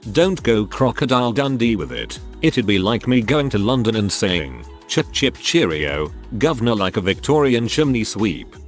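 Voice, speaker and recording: A man narrating a series of online forum posts in a wry, deadpan way. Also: fairly low pitch. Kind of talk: scripted narration.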